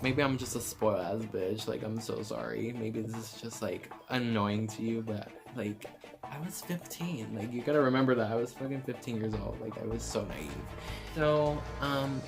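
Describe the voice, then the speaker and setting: A young man casually telling a dramatic high school story, cursing often and saying "like" constantly. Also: brisk, over music. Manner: casual, profane, dramatic, heavy filler use. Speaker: YouTuber. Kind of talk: storytime vlog.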